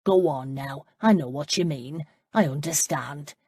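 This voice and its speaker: Narrator doing a practical older housekeeper, low husky voice, frank and motherly. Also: unhurried, dark tone, no echo. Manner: plain-spoken and frank. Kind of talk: audiobook character voice.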